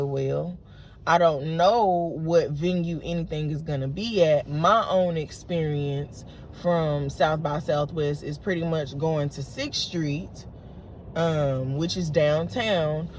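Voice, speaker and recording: A low, slightly mellow voice belongs to a late-twenties woman vlogger recounting an argument with frustration in an unedited monologue to camera. She uses many fillers and restarts, and there's a little hiss or hum in the audio.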